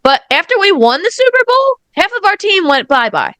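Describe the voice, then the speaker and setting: A woman from Philadelphia in casual podcast chat, loud and emotional, swearing freely. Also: very high voice, big pitch swings, fairly quick, no room sound. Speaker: podcast guest.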